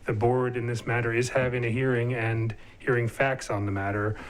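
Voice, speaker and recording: A man arguing a legal point at a licensing hearing, measured and punctuated with many ums. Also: medium pitch, flat delivery. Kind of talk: formal legal argument.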